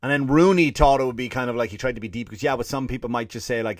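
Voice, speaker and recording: A man's voice: mid-range voice, steady tone, fast, few pauses, no room sound, clean studio sound. An Irish man hosting a comedy podcast, telling a profane, ranting story and mimicking people in put-on voices. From Ireland. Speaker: podcast host. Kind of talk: comedic monologue.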